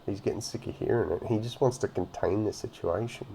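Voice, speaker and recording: Gravelly man ranting. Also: on the low side, fairly quick, mellow, slight background noise. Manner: ranting and mocking, heavy swearing. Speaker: reaction commentator. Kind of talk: casual profane commentary on a video.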